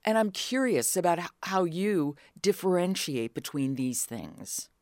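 A woman's voice: fairly low pitch, expressive, a little slow, a little mellow, no echo, clean studio sound. A woman interviewing a critic, asking curious, probing questions. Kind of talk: radio interview.

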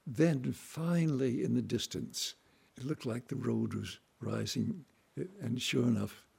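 A man telling family stories in a relaxed, folksy way, acting out voices and sounds as he goes. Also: mid-range voice, a little slow, gravelly, slightly rough. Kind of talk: relaxed anecdotal storytelling.

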